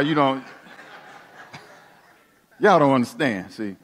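Pastor, male, high voice, preaching with sweeping shifts from hushed to emphatic, long hall reverb. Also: sing-song, takes it slowly, long pauses. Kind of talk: sermon.

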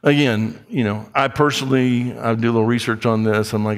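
A man's voice: mid-range voice, flat delivery, brisk, big-room sound. A man preaching a sermon, telling a story and acting out its dialogue. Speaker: pastor.

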